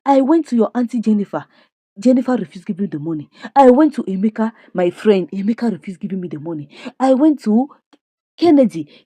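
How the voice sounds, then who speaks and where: A woman's voice: fairly high pitch, warm tone, no echo. A woman voicing a stingy, dismissive father who lectures his child and shifts the blame, in a lightly acted storytelling reading.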